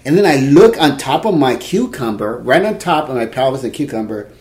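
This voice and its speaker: A man in his fifties telling a dating story in casual chat, animated and laughing, acting out quotes. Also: medium pitch, a little fast. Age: 50s. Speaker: podcast co-host.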